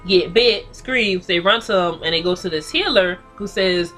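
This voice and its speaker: A woman's voice: fairly low pitch, moderate pace, a bit bright, faint music behind. A woman giving a casual, blunt and profane recap of a TV episode, ranting about the characters. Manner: blunt, profane, sassy commentary. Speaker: TV recap reviewer.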